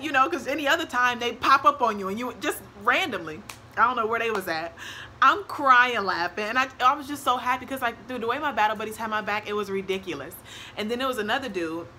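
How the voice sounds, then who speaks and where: A young woman tells a casual storytime, animated, acting out quotes and laughing often. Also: mid-range voice, a little hiss or hum. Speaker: vlogger.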